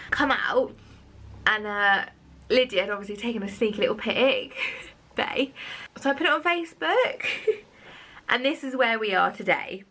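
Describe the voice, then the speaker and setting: A woman's voice: on the high side, animated, moderate pace, long pauses, bright, forceful tone. A young woman, telling a story to camera in a chatty, giggly vlog style. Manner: giggly, breathless, chatty storytelling with frequent laughs. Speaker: vlogger.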